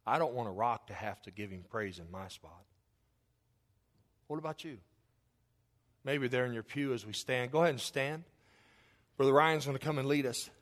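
Speaking at normal speed with long pauses, a male pastor gives an impassioned sermon in a church sanctuary. His voice sits at a middle pitch, and he reinforces his points through rhythmic, steady repetition of phrases.

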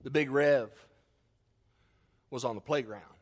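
A man preaching a sermon and telling a family story in a folksy way, moving between loud emphasis and quiet, hushed lines. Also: mid-range voice, slow pace, husky. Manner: acts out quotes in his story. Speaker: pastor.

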